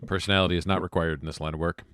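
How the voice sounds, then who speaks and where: A man voicing a stiff, deadpan character who only follows orders, in a tabletop game. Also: sits low, very fast, clear, resonant tone, no echo, studio quality. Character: flat, impassive man following orders, Merrick.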